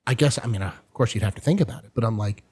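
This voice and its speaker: A man hosting a casual podcast, telling stories in a rambling way and jumping into animated voices for the people he quotes. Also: lowish voice, racing, slightly rough. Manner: drinks and chats over whiskey. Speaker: podcast host. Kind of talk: casual chat.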